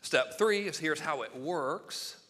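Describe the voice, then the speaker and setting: A man giving a live sales seminar, talking fast and excitably, joking and acting out quotes. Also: on the high side, big-room sound. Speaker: sales copywriting presenter.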